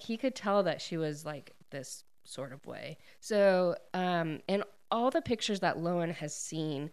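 A woman's voice: fairly low pitch, clear, resonant tone. A woman casually retelling a book's plot, using many "like"s, acting out quoted lines and laughing often. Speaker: book discussion host. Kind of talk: casual book recap chat.

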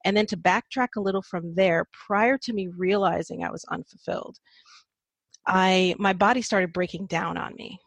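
Woman guest on a podcast, lowish voice, candid and reflective, lots of ums and little laughs, dry sound. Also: fairly even intonation, normal speed, vocal fry, no room sound. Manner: reflective, frequent fillers and laughs. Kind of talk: candid personal storytelling.

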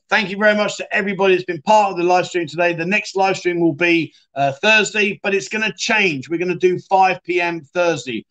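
A man's voice: on the high side, a bit bright. Chatty man hosting a livestream. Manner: chatty, jokey, reads out viewer comments. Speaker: livestream host. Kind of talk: casual livestream chat reading comments.

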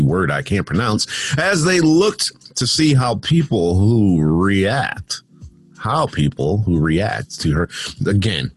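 A man's voice: lowish voice, slightly rough. A man hosting a casual news show from his home studio, reading odd stories and breaking off into sarcastic, rambling asides. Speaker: podcast host reading news.

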